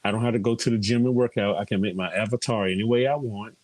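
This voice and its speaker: A man's voice: fairly low pitch, steady tone, fast talker, darkish tone, no room sound. A middle-aged man chatting casually in a group, telling stories and quoting people. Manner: chatty storyteller, quotes others often.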